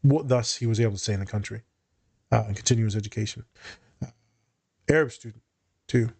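A man's voice: on the low side, fast, gravelly, darkish tone, husky. A man who works as a therapist, hosting a podcast in a blunt, profane, storytelling way. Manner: blunt and profane, tells client stories. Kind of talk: casual podcast chat.

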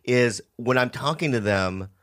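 A man's voice: mid-range voice, unhurried, fairly bright tone. A middle-aged man co-hosting a podcast in casual chat, telling stories animatedly and laughing often. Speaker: podcast co-host.

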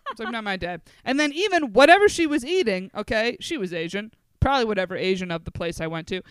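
Brief: New woman, podcast co-host, lively swooping delivery, smooth clear voice, cursing and self-mocking. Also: fairly high pitch, fast talker, no echo. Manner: animated, profane, self-mocking storytelling. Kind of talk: casual storytelling chat.

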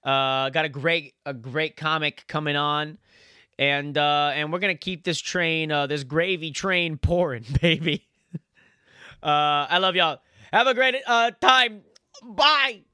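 A man's voice: fairly high pitch, slow, bright, forceful tone, clean tone, no echo, clean studio sound. A young man hosting a casual podcast, talking loosely, swearing and laughing often. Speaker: podcast host.

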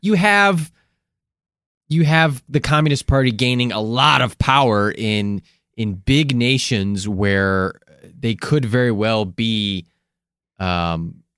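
A man's voice: lowish voice, takes it slowly, fairly bright tone, clean tone, dry recording, clean studio sound. A man co-hosting a casual podcast, cracking crude jokes and asking his partner questions. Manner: joking, crude banter, swearing. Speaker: podcast co-host.

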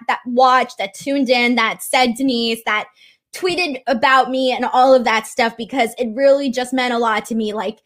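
A woman's voice: sits high, fairly bright tone. A young woman hosting a livestream, chatting casually with many fillers and gushing thanks. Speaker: wrestling show host.

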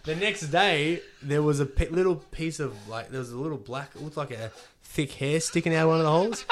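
A man, a pro wrestler telling a story on a casual podcast, animated and swearing freely as he acts out the quotes. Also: on the high side, brisk, a crowd in the background.

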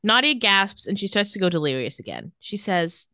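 A woman's voice: medium pitch, very animated, fairly quick, few pauses, bright, forceful tone, no room sound. A woman co-hosting a podcast, casually recapping TV scenes with quoted lines and dry asides. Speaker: podcast co-host recapping a TV episode. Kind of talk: casual chat.

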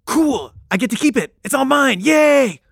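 A man putting on the voice of a petty young woman film student, taunting in a high, sing-song tone. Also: expressive, unhurried, creaky, fairly bright tone, husky, no room sound, studio quality, exaggerated voice. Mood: gloating.

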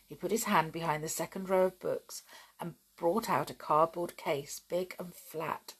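A woman's voice: on the low side, steady tone, unhurried, husky. A woman reading a children's book aloud for a podcast, chatty in her sign-off. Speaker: podcast reader.

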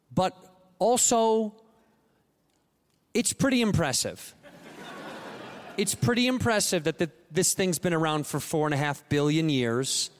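A man's voice: fairly high pitch, clean tone. A man in his late thirties doing a profane, mock-outraged stand-up rant in a live venue. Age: late 30s. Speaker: stand-up comedian. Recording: noisy live room ambience.

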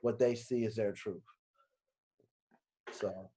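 A man co-hosting a casual chat, relaxed and slangy. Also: fairly low pitch, takes it slowly, slight background noise. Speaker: podcast co-host.

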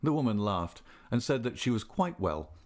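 A man reading a classic novel aloud in a measured, steady way. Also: mid-range voice. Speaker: audiobook narrator.

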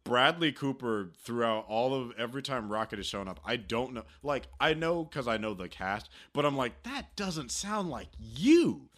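A man co-hosting a casual movie review chat, rambling in an animated way. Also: medium pitch, moderate pace, few pauses. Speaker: podcast co-host.

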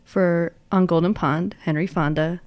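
A woman's voice: lowish voice, fairly even intonation, measured pace, a little mellow, no room sound. A woman hosting a podcast trivia game, reading out questions playfully and now and then dropping into a whisper. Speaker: quizmaster.

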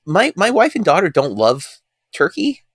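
A man's voice: high-pitched, wildly swooping pitch, moderate pace, slightly rough, no echo. Chatty man, dry close mic. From United States. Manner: chatty, rambling, with restarts. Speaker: podcast co-host. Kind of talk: casual podcast chat.

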